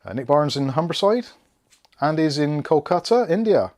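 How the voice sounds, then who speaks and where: A man's voice: a little high, sing-song, normal speed, a little mellow. Chatty man reading stream comments. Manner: casual, chatty, reads out viewer comments while working. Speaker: tech channel host. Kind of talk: live-stream PC build chat.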